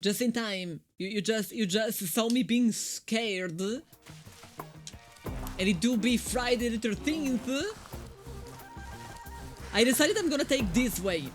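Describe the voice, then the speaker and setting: A woman's voice: on the high side, slow pace, long pauses, faint music behind. Chatty Italian woman streaming a game. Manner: chatty, joking asides to viewers. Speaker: live streamer. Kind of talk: live gameplay commentary.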